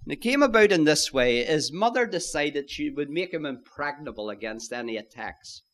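A man's voice: fairly high pitch, lively intonation, moderate pace, fairly bright tone. A man preaching a sermon, emphatic, repeating key phrases and addressing listeners as friends.

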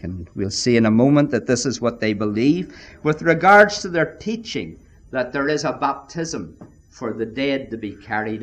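A man preaching a sermon, emphatic and deliberate, often addressing his listeners as friends. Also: mid-range voice.

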